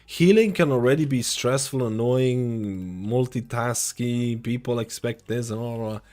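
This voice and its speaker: A man's voice: medium pitch, a little slow, a little mellow. A young man streaming live, answering viewer questions in a loose, rambling, chatty way. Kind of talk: casual live-stream chat. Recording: faint music behind.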